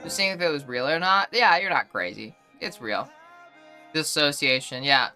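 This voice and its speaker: Bright-voiced young woman streamer rambling. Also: low-pitched, moderate pace, soft background music. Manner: rambling, heavy on fillers. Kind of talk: casual live-stream chat.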